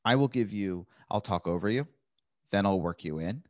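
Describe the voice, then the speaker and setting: A man's voice: lowish voice, expressive, normal speed, no room sound. A man, a stand-up comic, chatting casually and acting out his own rants. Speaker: stand-up comedian. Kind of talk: casual chat.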